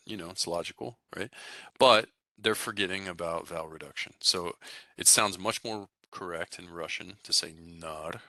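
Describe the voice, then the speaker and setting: A Russian language teacher with a very low yet strikingly bright, forceful voice explains pronunciation to his class. He stays relaxed and steady, often checking in with "right?" and "okay?", and the recording is dry and close with no room sound.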